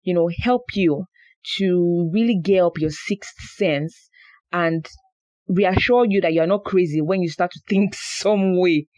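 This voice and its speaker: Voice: mid-range voice, measured pace, a little mellow, a little hiss or hum. A podcast host with a Nigerian accent talking to listeners in a chatty, playful monologue, often repeating words for emphasis. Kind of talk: casual monologue.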